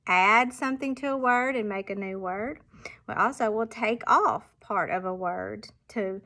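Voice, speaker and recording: Slow, patient woman teacher. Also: mid-range voice, fairly bright tone. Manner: slow and patient, sounding out example words with deliberate emphasis. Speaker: primary school teacher. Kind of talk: explaining classroom reading exercises to parents.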